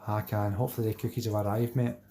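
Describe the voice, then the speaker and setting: A man's voice: on the low side, level tone, fast talker, dark tone. A middle-aged Scottish man hosting a live stream, chatting casually with viewers and reading out their comments, repeating himself and calling everyone mate.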